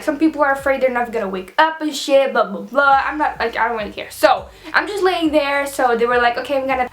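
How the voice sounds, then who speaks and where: Young dutch-speaking woman vlogging from her bedroom, high voice, chatty and dramatic, swears a lot. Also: a bit bright. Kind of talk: casual storytime vlog. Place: bedroom at home.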